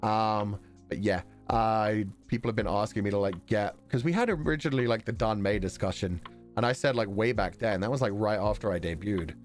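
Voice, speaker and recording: A man with a Belfast accent chatting casually on a stream. His voice sits fairly low, and he rambles along with frequent laughs. Faint music plays underneath. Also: fairly quick. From Northern Ireland. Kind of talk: casual chat.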